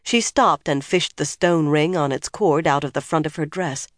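Audiobook narrator, measured and expressive delivery, mid pitch, dry recording. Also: no room sound. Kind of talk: scripted narration.

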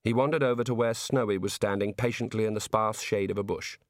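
A man narrating a storybook in a measured, steady reading. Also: on the low side, no echo, clean studio sound. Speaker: audiobook narrator.

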